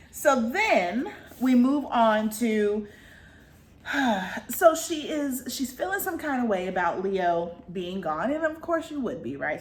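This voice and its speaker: A woman's voice: mid-range voice, echoey room, a little hiss or hum. A woman vlogger recapping a book in a chatty, slangy way, full of fillers.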